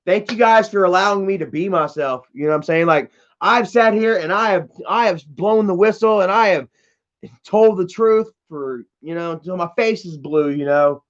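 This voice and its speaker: The livestream host here has a high voice and a moderate pace. Reading viewers' chat aloud, he delivers a blunt, profanity-laced, casual rant, all in dull lo-fi stream sound.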